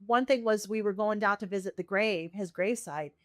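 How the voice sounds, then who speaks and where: Woman guest, earnest storyteller, mid-pitched voice, dry close sound. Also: brisk, no echo. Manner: earnest, animated, acts out quoted voices. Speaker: podcast guest sharing her testimony. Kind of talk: emotional personal storytelling.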